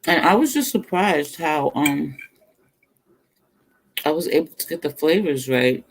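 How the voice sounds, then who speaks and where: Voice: medium pitch, lively intonation, a little slow, a little hiss or hum. A middle-aged cooking vlogger chatting casually between bites, telling stories and laughing often. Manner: talks between bites, murmurs over food. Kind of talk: casual chat while eating on a livestream.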